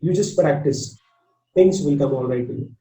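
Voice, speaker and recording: A man's voice: on the high side, normal speed, dark tone, reverberant, distant mic, poor audio. A man with an Indian English accent teaching a spoken English class, talking in an earnest, repetitive coaching way. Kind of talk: online class lecture.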